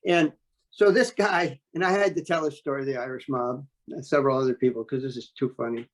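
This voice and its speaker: A man's voice: medium pitch, fairly even intonation, brisk. Blunt, profane male storyteller. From New York State. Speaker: interview guest. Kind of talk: casual storytelling.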